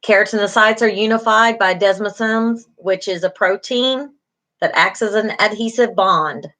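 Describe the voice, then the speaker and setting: A woman's voice: medium pitch, normal speed, fairly bright tone. A middle-aged woman, a beauty school instructor giving an online class lecture, encouraging, with many fillers, repeating key terms.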